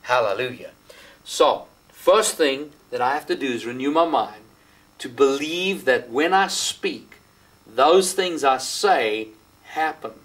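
An Australian man preaches a sermon in an ordinary mid-range voice. He leans hard on key phrases, slowing right down to stress them. He speaks as a teacher, walking listeners through the verses they should underline. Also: mid-range voice, lively intonation, fairly bright tone, husky, rough recording. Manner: emphatic, slows down to stress key words; talks the listener through marking up the Bible. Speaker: pastor.

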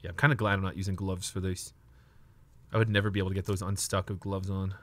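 Talking fast in a low voice, a young man streams live while opening trading card packs. He comes across as excited but nervous, addressing his chat and occasionally swearing.

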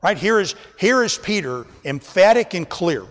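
A man's voice: high-pitched, big pitch swings, moderate pace, long reverb tail. A man preaching an emphatic sermon as pastor, often calling the congregation folks, recorded during a church service. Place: church sanctuary.

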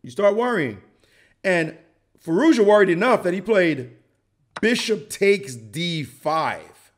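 Playful, animated male chess commentator. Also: high-pitched, slow. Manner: playful, joking, voices players' reactions.

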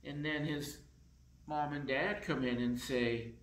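A man reading a children's picture book aloud in a slow, expressive storytelling voice, in council chambers. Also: on the high side, roomy sound, rough recording.

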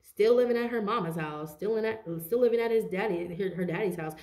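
A woman gives a casual tarot reading, chatting straight to her viewers in a loose, animated way and laughing often. Her voice sits at an ordinary middle pitch. The room around her is echoey. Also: brisk. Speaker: tarot reader.

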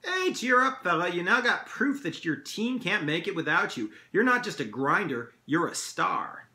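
A teasing middle-aged dad hams up a fake Canadian accent in a sing-song lilt, as a man reading aloud puts him on. The tone is bright and forward. It sounds like an echoey room. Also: high-pitched, sing-song, normal speed, voice pushed up, exaggerated voice.

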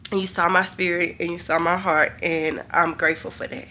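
A woman's voice: lowish voice, flat delivery, brisk, pushed and bright, slight background noise. A young woman, talking to camera in a hotel room, chatty and emotional. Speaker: vlogger. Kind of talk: casual vlog talk to camera.

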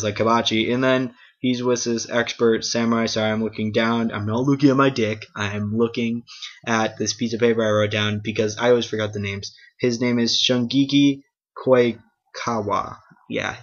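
A man casually recapping an anime episode, rambling and swearing, filling his talk with "like" and "um". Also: on the low side. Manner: rambling, profane, heavy use of "like" and "um". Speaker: anime reviewer. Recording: dull lo-fi webcam audio.

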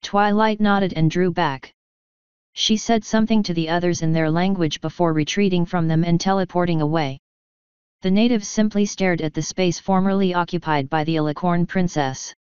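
A woman reading a fanfiction story aloud in a steady, even way. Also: on the low side, moderate pace, smooth, no echo, lo-fi sound. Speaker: fanfiction reader.

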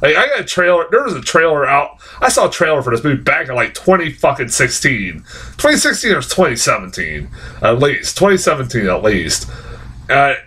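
A man's voice: medium pitch, sing-song, fairly quick, sharp tone, breathy edge. A young man giving a casual, rambling film review, swearing often and getting worked up as he talks.

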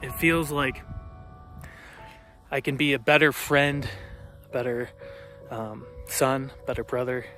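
A young man vlogging from a mountain summit outdoors, halting and open, with many fillers and restarts, choked up and near tears. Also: mid-range voice, steady tone. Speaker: hiker vlogger. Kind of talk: emotional summit vlog. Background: loud background music.

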